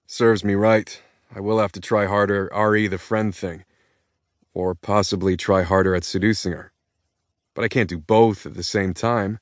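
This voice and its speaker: A man's voice: lowish voice, no room sound, clean studio sound. A young adult man narrating an audiobook in first person, cocky and self-mocking.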